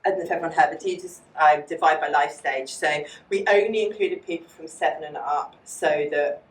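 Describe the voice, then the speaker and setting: A woman lecturer, giving a fast, chatty academic talk with many fillers and taking audience questions. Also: low-pitched. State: out of breath. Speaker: psychology lecturer. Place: lecture hall. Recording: echoey room, distant mic.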